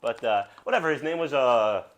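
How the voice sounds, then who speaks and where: A man's voice: medium pitch, expressive, brisk. A young man from Brooklyn, hosting a podcast and telling rambling, profane stories in casual chat. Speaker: podcast host.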